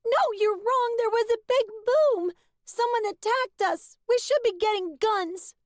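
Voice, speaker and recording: Woman doing a squeaky, shouting young boy. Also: a little slow, no echo, clean studio sound. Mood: excited shouting. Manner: shouting, insistent. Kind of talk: audiobook character voice.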